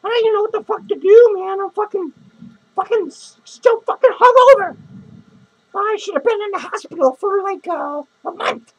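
A man's voice: very high-pitched, moderate pace, lo-fi sound. A man playing a foul-mouthed, lonely, hungover female clown who rambles crudely, curses and cackles in a comedic character monologue. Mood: ranting. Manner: crude, rambling rants full of cursing and cackling laughs.

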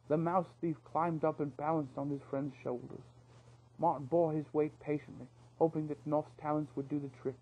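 A man narrating a novel aloud, reading in a steady, expressive storyteller manner. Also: a little high, moderate pace, creaky, husky, narrow, tinny audio.

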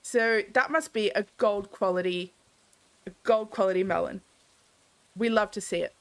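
A woman's voice: medium pitch, moderate pace. A young woman commenting casually while streaming a game, grumbling to herself in theatrical exasperation.

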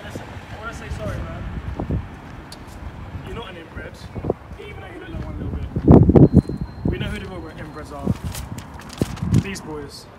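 Slangy barber teasing from across a noisy shop. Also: male voice, high-pitched, animated, measured pace, long pauses. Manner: laid-back slangy teasing. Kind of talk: casual joking banter. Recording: distant mic in noisy barbershop.

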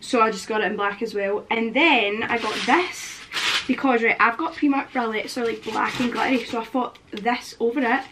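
Chatty young woman, high voice. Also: moderate pace, noisy background. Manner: chatty, rambling, fills speech with "like". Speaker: vlogger. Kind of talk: casual chatty vlog.

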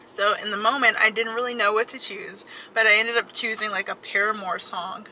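A woman's voice: medium pitch, steady tone, a little fast, pushed and bright, a little hiss or hum, rough recording. A young woman vlogging casually from inside her parked car, chatty and giggly, talking to a dashboard camera. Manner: chatty, giggly, lots of filler "like". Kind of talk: casual vlog chat.

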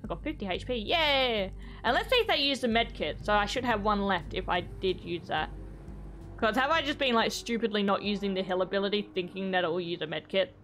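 A woman's voice: mid-range voice, animated, a little fast, fairly bright tone, soft background music. A young woman giving playful let's play commentary, chatting to the game's characters as she goes. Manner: playful, talks to game characters. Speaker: gaming YouTuber.

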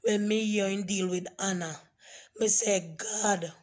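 Hoarse, slow-talking woman ranting. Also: mid-range voice, steady tone, a little mellow. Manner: scolding, repetitive, emphatic. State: hoarse, voice nearly gone. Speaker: online commentator. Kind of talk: ranting vlog commentary.

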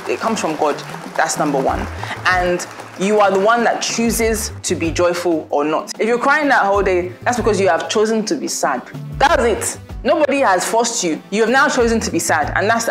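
A young woman vlogger, chatty and laughing as she gives warm, preachy advice in a casual talk to her viewers. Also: lowish voice.

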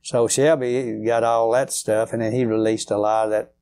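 A man's voice: medium pitch, level tone, moderate pace, dark tone, smooth. An older man, telling rambling, folksy stories as a guest in an interview. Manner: rambling, folksy, many fillers. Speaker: guitarist guest. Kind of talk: storytelling interview.

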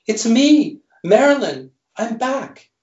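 A man voicing a sultry blonde creature posing as a female screen star, in a hoarse, pleading falsetto while reading his story aloud. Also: big pitch swings, slow pace, darkish tone, heavily acted. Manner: pleading, purring. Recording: roomy, dull recording.

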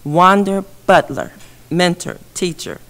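A woman chairing a school board meeting, reading a memorial list slowly and solemnly, becoming emotional. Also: fairly low pitch, big pitch swings, gravelly, fairly bright tone. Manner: slow, solemn reading of names. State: emotional, voice breaking. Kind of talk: formal meeting proceedings.

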